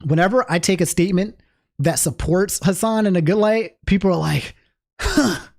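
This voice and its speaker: A man's voice: sits high, a little fast, gravelly. A man livestreaming and talking casually to his chat, rambling with frequent restarts. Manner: rambling, restarts often, animated asides to chat. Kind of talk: casual stream commentary.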